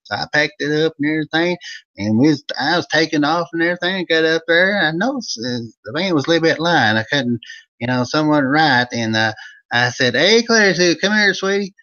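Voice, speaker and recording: A man's voice: animated, fairly quick, highs cut off. A man voicing Old Vern, a folksy country storyteller with an Eastern Kentucky accent. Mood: rambling yarn. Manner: loud, high-pitched, rambling yarn-spinning.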